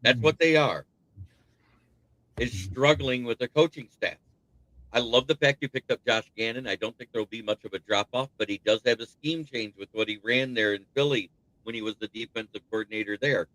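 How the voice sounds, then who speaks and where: A man's voice: mid-range voice, moderate pace, fairly bright tone, no echo, poor audio. A man hosting a casual sports talk stream, rambling and thinking aloud as he goes. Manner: rambling, thinks aloud with restarts, laughs at rival team's troubles. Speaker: sports talk show host.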